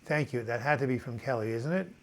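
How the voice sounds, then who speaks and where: A man's voice: medium pitch, quick pace. An older man hosting a casual live video chat, reading out viewer comments in a loose, rambling way with many fillers.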